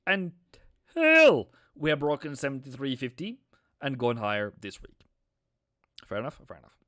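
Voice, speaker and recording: Male streamer, chatty live trading talk, smooth clear voice, dry close sound. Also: medium pitch, huge pitch swings, normal speed, a bit bright, no room sound. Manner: chatty, repeats himself, answers viewers. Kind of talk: live-stream market analysis.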